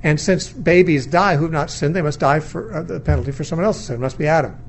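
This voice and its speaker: A middle-aged man gives a sermon lecture in a fairly high voice, thinking aloud as he weighs different views. He questions rather than asserts, and often restarts his sentences. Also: fast talker, creaky, a little hiss or hum. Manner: thoughtful, reasoning aloud, with frequent restarts. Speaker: Bible teacher.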